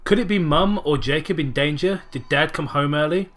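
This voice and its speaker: A man's voice: on the high side, moderate pace, a bit bright, a little hiss or hum. A young man reading a badly written horror story aloud for laughs, mocking its grammar and swearing often. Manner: sarcastic, mocking the writing, swears a lot. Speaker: podcast co-host reading a story. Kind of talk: comedic dramatic reading with banter.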